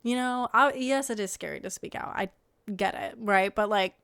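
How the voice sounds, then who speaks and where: A young woman streaming casual reactions to reality show clips, chatty, swearing freely and dropping into quiet mumbled asides. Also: mid-range voice, normal speed, creaky, smooth, no echo, clean studio sound.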